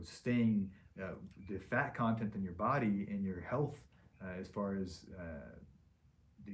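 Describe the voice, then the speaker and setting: A man's voice: on the low side, darkish tone. A man speaking as a liposuction surgeon in a casual patient Q&A, frank and plain-spoken, with loose restarts.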